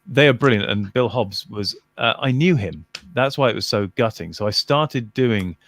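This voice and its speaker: A man chatting casually as a video creator, pausing often with ums as he recalls details. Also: mid-range voice, lively intonation, fairly bright tone. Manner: hesitant, many ums. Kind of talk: casual chat.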